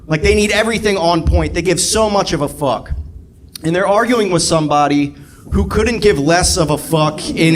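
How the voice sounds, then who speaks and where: A man doing a sardonic stand-up set, building to loud rants. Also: fairly high pitch. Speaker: stand-up comedian. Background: laughing audience.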